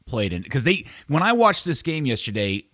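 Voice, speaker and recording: A man's voice: medium pitch, sing-song, moderate pace, fairly bright tone, no room sound, studio quality. A man hosting a casual football podcast, leading the talk and setting up each result. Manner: leads the conversation, sets up topics and results. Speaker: podcast host.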